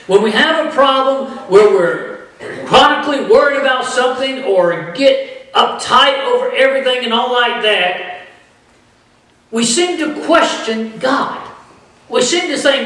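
A male pastor with a high, lively voice, preaching with animated delivery. He stands some way from the mic, and his voice rings through an echoey church sanctuary. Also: unhurried, recorded from a distance. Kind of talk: sermon.

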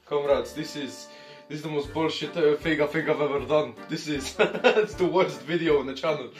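A man's voice: a little high, normal speed, soft background music. A man hosting a casual comedy vlog, giggly and self-mocking as he talks to his viewers. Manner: giggly, self-mocking, often says "comrades". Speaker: channel host.

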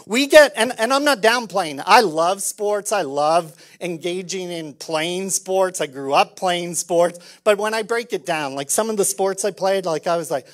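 A man preaching a sermon as pastor, conversational and lively, swinging from loud emphasis to quiet intensity. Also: high-pitched, normal speed, few pauses.

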